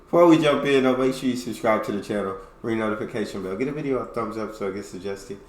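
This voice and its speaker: A man from the United States hosting a casual reaction video, relaxed with easygoing asides. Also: on the low side, fast talker, a little hiss or hum. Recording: echoey room.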